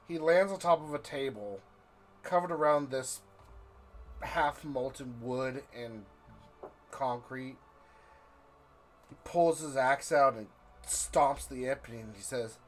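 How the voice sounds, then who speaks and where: A man narrating as game master of a tabletop game, drawing out his descriptions. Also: fairly high pitch. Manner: slow, drawn-out, vivid description.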